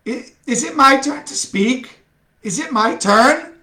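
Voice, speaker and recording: A jittery amateur actor playing a swooning heroine, voiced by a male storyteller, his voice lifted high and stretched out. He sounds hesitant and sweetly theatrical. A roomy echo surrounds him. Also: animated, takes it slowly, sharp tone, exaggerated voice. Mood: nervous. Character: nervous man playing a lovesick heroine.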